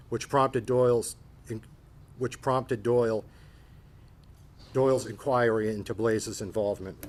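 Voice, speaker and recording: A man chairing a town board meeting, reading findings of fact in a measured, formal and procedural way. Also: lowish voice.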